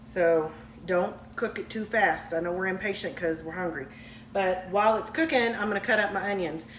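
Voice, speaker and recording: A woman's voice: mid-range voice, normal speed, a little hiss or hum. A woman, chatting casually and folksily while cooking in her home kitchen. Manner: chatty, folksy, laughs easily. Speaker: home cook vlogger. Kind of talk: casual cooking video chat. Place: home kitchen, frying on the stove. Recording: echoey kitchen with loud frying sizzle. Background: sizzling pan and stirring.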